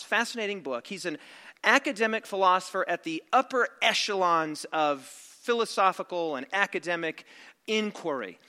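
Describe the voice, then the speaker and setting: Preaching in a big hall with long reverb, this middle-aged pastor has a high, bright voice and a forceful tone. His sermon moves step by step in an analytical way, with asides along the way.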